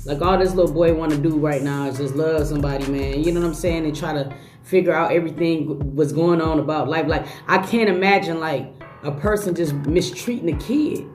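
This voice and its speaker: A woman's voice: deep voice, a little fast, a little mellow. Slangy woman in an echoey room. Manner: slangy, emphatic, chatty. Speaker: reaction video host. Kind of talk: casual reaction commentary. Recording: echoey room with faint music.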